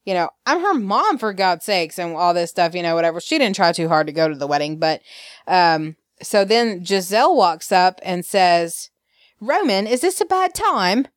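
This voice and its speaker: A woman's voice: fairly low pitch, animated, moderate pace, smooth, dry recording, clean studio sound. A woman from Alabama with a Southern accent, chatting casually as a podcast host and acting out quoted lines with laughs. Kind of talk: casual recap chat.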